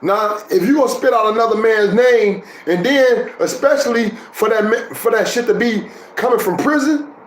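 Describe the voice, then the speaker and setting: A man's voice: high voice, moderate pace, few pauses, roomy sound, low-quality recording. A man giving scornful, profane reaction commentary.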